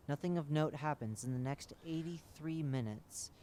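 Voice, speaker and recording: A man giving a measured, matter-of-fact scripted narration of a horror wiki entry. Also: on the high side, mellow, a little hiss or hum.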